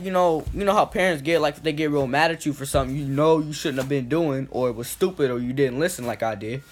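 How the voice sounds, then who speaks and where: A young man telling a casual story, rambling with lots of "like" and "boom", getting loud and then quiet as he acts out scenes. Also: fast, hardly any pauses, slight background noise. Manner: swings from loud to quiet when acting out scenes.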